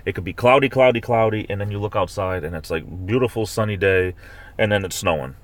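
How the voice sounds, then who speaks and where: A man with a low voice chats fairly quickly on his casual live stream, reading out messages from chat. He rambles along with repeated fillers and false starts, and when he rants he shoots up into high-pitched, playful mock outrage.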